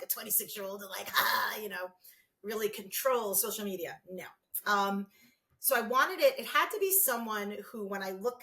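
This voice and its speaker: A middle-aged woman chats as an interview guest, telling her stories with theatrical flair. Her voice is bright and forward, and sits a little high for a woman. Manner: animated, acts out quotes in big voices. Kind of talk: casual interview chat.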